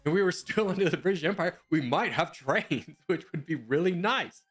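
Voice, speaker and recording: A man's voice: on the high side, animated, moderate pace, fairly bright tone, husky. A young man streaming from home, rambling and joking as he answers viewers' questions in casual chat.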